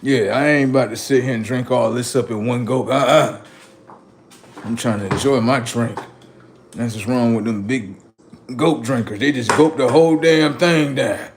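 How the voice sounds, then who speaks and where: A man's voice: mid-range voice, normal speed, noisy background. A man on a live stream, chatting casually and swearing, then lecturing his viewers insistently about number codes.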